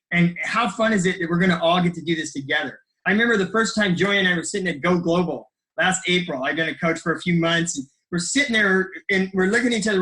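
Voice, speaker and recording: Upbeat middle-aged man, high and bright. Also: rough recording. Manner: enthusiastic, rambling with fillers and restarts. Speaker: health coach sharing his story. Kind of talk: motivational talk on a group call.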